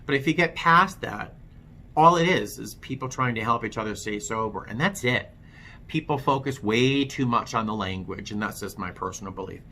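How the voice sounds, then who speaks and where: A man speaks straight to his viewers in a candid, conversational way, poking fun at himself as he goes. His voice has a bright, forceful edge. A faint hiss sits under the recording. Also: on the low side, normal speed. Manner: frank, self-deprecating, conversational with many fillers. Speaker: vlogger telling his recovery story. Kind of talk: candid personal storytelling to camera.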